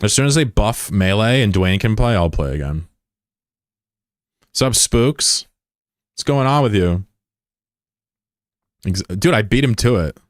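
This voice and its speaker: A fairly low-voiced man chatting casually on a game stream, loose and joking, full of slang as he greets viewers and reads their messages. The sound is dry and close, with almost no room around him. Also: animated, unhurried, long pauses, dry recording.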